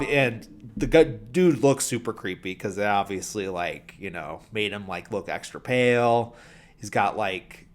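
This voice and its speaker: Speaking in a lowish, slightly bright voice, a man on his podcast recaps a film scene casually. He wanders through it with lots of "like" and "you know" fillers and a dry sense of humour.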